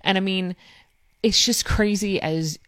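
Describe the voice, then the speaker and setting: A woman in her thirties, telling a family story in a chatty, animated way with fillers. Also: mid-range voice, a little slow, no echo, studio quality. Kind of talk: casual chat.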